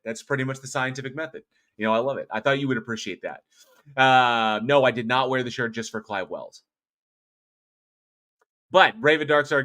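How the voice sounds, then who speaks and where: A man's voice: medium pitch, sharp tone. A man hosting a casual livestream, greeting viewers by name and reading their chat comments aloud. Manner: chatty, thanks viewers one by one, swears casually. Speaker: livestream host.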